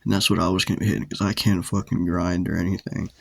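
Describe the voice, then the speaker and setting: Man, casual storytime, gravelly voice, profane, rambling, dry close sound. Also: sits low, level tone, quick pace, dry recording. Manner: rambling, profane, with many "like" fillers.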